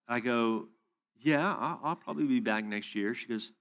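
Animated man telling a sermon story. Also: mid-range voice, normal speed. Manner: animated storytelling, acts out both sides of dialogue. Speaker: conference speaker. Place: church hall or conference room.

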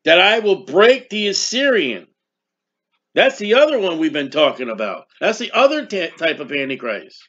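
A man preaching a sermon, reading scripture slowly with emphasis and then explaining in casual asides. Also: high voice, big pitch swings, a bit bright. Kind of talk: sermon, Bible teaching. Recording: dull lo-fi recording.

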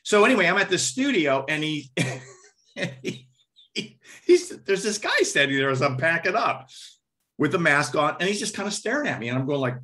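A man's voice: fairly high pitch, normal speed. A man, a guest drummer and percussionist, telling stories in a casual interview, vocalizing rhythms and acting out what people said. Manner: animated, vocalizes rhythms and acts out quotes.

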